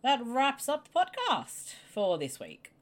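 A woman's voice: sits high, huge pitch swings, unhurried. A woman co-hosting a movie podcast, chatting casually and grumbling bluntly with plenty of swearing. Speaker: podcast co-host. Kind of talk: casual movie commentary chat.

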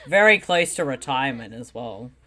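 A podcast co-host talking casually about movies, dry and sarcastic in tone. The voice is bright and sits at a middle pitch. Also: animated, normal speed.

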